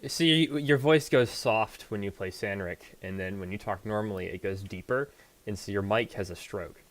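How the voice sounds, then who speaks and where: A man acting as game master, narrating a tabletop game in casual chat, laughing often and pausing on fillers. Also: on the low side, fairly bright tone.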